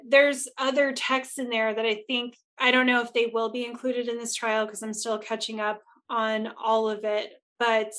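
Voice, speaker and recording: A woman's voice: fairly high pitch, fairly bright tone. A woman co-hosting a casual talk show, candid and blunt, who swears freely and acts out the quotes she retells. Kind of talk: casual chat.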